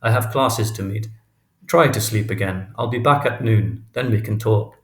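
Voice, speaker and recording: A man playing a gentle but guarded middle-aged male professor who speaks in a quiet, careful murmur. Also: fairly low pitch, moderate pace, natural voice. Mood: hushed. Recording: roomy echo.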